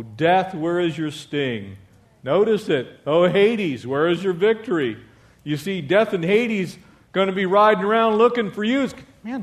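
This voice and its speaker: A male pastor preaching a lively sermon, asking the congregation for amens and mixing in jokes. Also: fairly high pitch.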